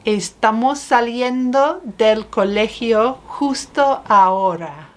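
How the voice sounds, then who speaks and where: A Spanish teacher with a slightly high voice leads a slow spoken language lesson. She takes her time, asking questions patiently and modeling phrases for the learner.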